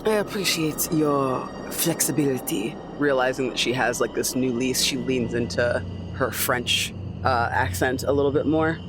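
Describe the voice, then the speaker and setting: A man at a tabletop game describes what his character does in a loose, hesitant way. Steady background noise runs under his voice. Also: mid-range voice, normal speed. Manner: casual, hesitant with fillers. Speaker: player.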